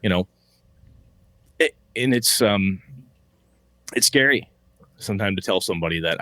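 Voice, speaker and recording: Man, low voice, casual podcast co-host, rambling, swears freely, dry close sound. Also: a little slow, long pauses, a bit bright, no room sound. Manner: rambling, swearing, reads listener mail aloud.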